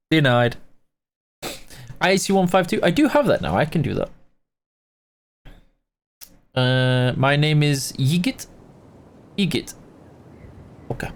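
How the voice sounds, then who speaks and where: A man hosting a casual live game stream, greeting viewers by name and answering chat while tired and yawning. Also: medium pitch.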